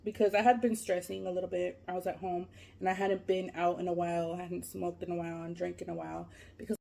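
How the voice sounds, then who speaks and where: A woman vlogger telling a long story while she eats, casual and animated, full of fillers and swearing. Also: on the low side, fast talker, gravelly. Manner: animated, profane, lots of fillers. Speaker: mukbang vlogger.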